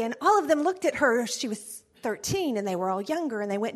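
A middle-aged woman speaking at a church parenting class, telling a chatty, animated story and laughing often. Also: high voice, a little fast, few pauses. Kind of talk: storytelling talk.

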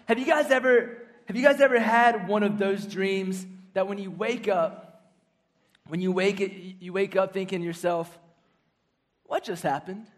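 A man in his thirties preaching a sermon to young people, telling funny personal stories in an animated way. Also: sits high, moderate pace. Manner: animated storytelling with jokes. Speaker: youth pastor.

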